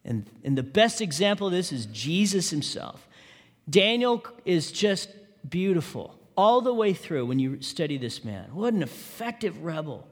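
A man's voice: a little high, big pitch swings, a little slow. A male pastor preaching a sermon, often asking the congregation questions. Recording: long reverb of a large hall.

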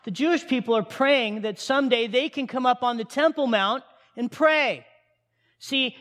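A man preaching a sermon to his congregation, animated and firing questions at them. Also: very high voice. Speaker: pastor. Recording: long hall reverb.

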